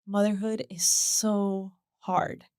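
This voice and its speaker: A woman, a podcast guest, telling a personal story with lively acted quotes, repeated words and frequent laughter. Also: mid-range voice, slow pace, no echo, clean studio sound. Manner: animated storyteller who acts out voices, repeats words and laughs often. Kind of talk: casual interview chat.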